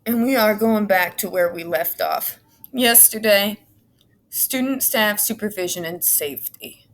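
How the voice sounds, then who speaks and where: A woman advocacy vlogger with a mid-range, slightly bright voice reads a court report at a slightly slow pace. Between passages she breaks off for blunt, sarcastic, exasperated asides and swears a lot.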